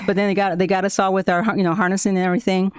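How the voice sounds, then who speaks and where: Halting woman speaker, native Spanish speaker. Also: mid-range voice, little pitch movement, smooth, dry recording, studio quality. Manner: halting, with frequent fillers and restarts; laughs often while telling a story. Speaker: school staff member addressing the board. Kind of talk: personal account at a public meeting.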